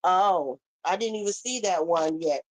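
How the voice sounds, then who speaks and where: A woman's voice: fairly low pitch, measured pace, low-quality recording. A woman with a Caribbean accent, hosting a heated live stream, reading chat comments aloud and scolding someone in a sassy way. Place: home.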